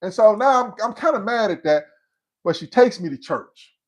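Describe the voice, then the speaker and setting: At normal speed and with a high-pitched voice, a fifty-something man hosting a livestream relates a casual story. He's an animated narrator who acts out the words of the people involved.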